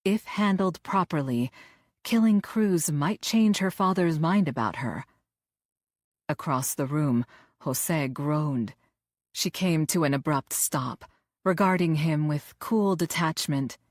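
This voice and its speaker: A woman narrating a thriller audiobook in a measured, even way. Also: low-pitched, no echo, clean studio sound.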